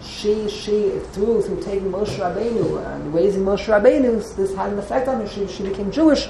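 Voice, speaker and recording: A woman's voice: mid-range voice, normal speed, vocal fry, mellow, slight background noise. A woman teaching a text class, explaining as she goes and often repeating and restarting her words. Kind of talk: classroom lecture with questions. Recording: roomy echo.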